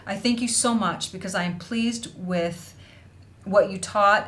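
A woman's voice: medium pitch, takes it slowly. A woman, hosting a casual craft livestream, bubbly and effusive, reading out viewers' messages. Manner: bubbly, effusive, laughs often. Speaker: host of an online felting school livestream.

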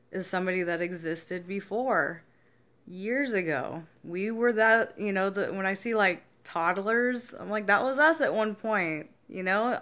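A fairly low-pitched, fairly bright voice belongs to a young adult woman, a self-help vlogger. In a casual monologue she talks frankly about her feelings, swears freely, and acts out reactions people had to her.

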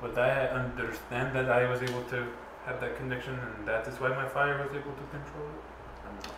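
A man's voice: mid-range voice, fairly even intonation, moderate pace. A man playing a tabletop game, chatting playfully and talking in character. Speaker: player. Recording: very echoey, loud background noise.

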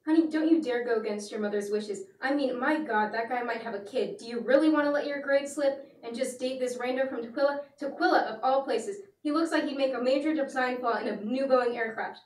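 A teenage woman playing an overbearing, nagging mother in a school comedy sketch, delivering a rapid scolding rant. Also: high-pitched, slight background noise, close to an everyday voice. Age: teens. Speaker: student actor. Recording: echoey room from far off.

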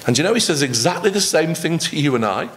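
A man preaching a sermon in church, acting out the quoted lines with lively emphasis. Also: fairly high pitch, quick pace, a little hiss or hum. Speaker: pastor.

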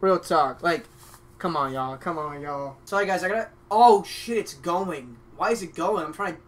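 A man's voice: a little high, normal speed. A man hosting casual video chats with strangers, talking in a brash, crude, mock-rude trolling way. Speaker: video chat prankster host.

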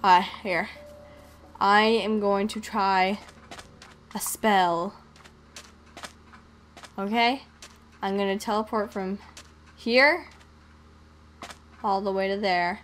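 Young female gaming host, relaxed unhurried delivery, bubbly and prone to humming. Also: medium pitch, soft background music. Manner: playful, sings and hums to herself. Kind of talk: casual gameplay commentary.

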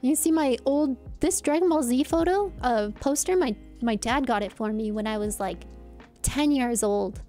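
A woman's voice: sits high, normal speed, dark tone, soft background music. A young woman telling stories in a rambling, giggly vlog chat. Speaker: streamer.

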